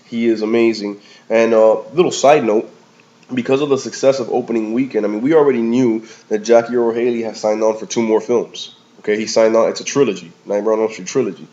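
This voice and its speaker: A man's voice: fairly low pitch, steady tone, fast, dark tone. A man giving a casual, rambling movie review in slangy talk, often calling the listener "man" or "bro". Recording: slightly dull lo-fi recording.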